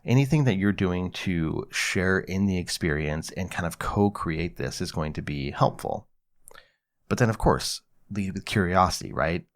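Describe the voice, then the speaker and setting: A man hosting an advice podcast, calmly explaining and acting out example conversations. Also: deep voice, a little slow. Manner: calm, explanatory, acts out example dialogue. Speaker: podcast host, psychologist.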